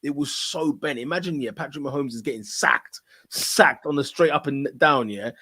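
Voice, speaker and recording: A man co-hosting a casual football podcast, talking in an excitable, emphatic way and calling everyone "bro.". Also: mid-range voice, moderate pace, no room sound, studio quality. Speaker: podcast co-host.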